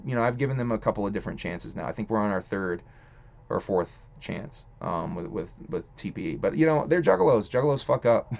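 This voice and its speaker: A man's voice: lowish voice, creaky. A young man hosting a live stream, rambling casually with lots of cursing and loose restarts. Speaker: streamer host. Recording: dull lo-fi stream audio.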